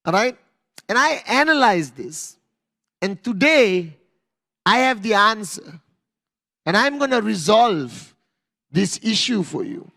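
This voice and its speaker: High-pitched man giving a slow motivational talk. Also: gravelly. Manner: animated storytelling, acts out scenes, asks the audience questions. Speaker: motivational speaker.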